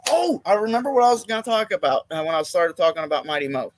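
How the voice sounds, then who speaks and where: A man's voice: high voice, sing-song, fast talker, no echo. A man co-hosting a casual livestream chat, goofy and joking. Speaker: co-host.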